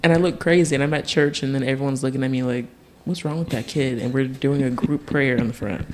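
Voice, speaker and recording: Telling a story from his youth as a podcast guest, this young Tennessean is relaxed and animated, laughing and voicing other characters. He speaks quickly in a mid-range voice, and there's a slight hiss or hum on the recording.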